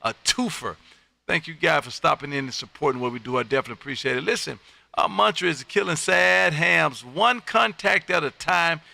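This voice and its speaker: A man from Texas, hosting a live-streamed ham radio session and working contacts in a loud, upbeat, friendly way. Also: a little high, creaky, no room sound. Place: home radio room.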